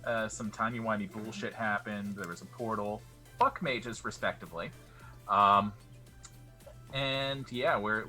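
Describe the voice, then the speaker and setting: Bright-voiced joking man gamer. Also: on the low side. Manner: joking, swearing, laughing, rambling. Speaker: player, co-host. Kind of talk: casual chat streaming a tabletop game.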